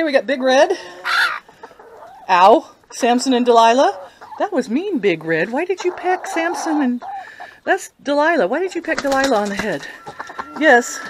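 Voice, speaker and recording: An older woman with a fairly high, very lively voice chats her way through a casual home video of her animals. She coos and baby-talks to her pets, filmed on a handheld phone camera, with faint chicken clucks behind her. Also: background noise. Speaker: vlogger showing her pets. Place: house, then backyard with chickens.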